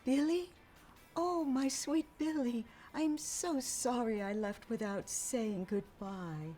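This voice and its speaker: A woman's voice: slow pace, dark tone, reverberant. An actress playing the ghost of a doting grandmother in a comedy sketch, speaking sweetly and fondly, with music behind her. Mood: tender. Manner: sweet and doting, then shrill and desperate. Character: ghost of a loving grandmother, turning frantic. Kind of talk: scripted sketch comedy acting.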